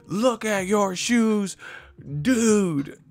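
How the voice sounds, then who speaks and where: A man's voice: sits high, extremely slow, no room sound, pitched above the performer's own voice, exaggerated voice. A man putting on the voice of an overexcited, easily impressed male rap fan in a mocking, squealing way. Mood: hyped mockery.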